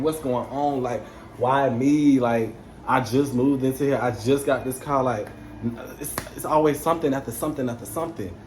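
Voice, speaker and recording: A young man casually telling a story to camera, animated, slangy and swearing freely. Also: medium pitch, a little hiss or hum.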